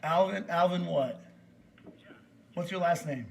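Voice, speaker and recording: High-voiced man, furious and echoey. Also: measured pace, gravelly. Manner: aggressive, repeats demands, swears. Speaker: customer complaining to a store. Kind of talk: heated phone argument.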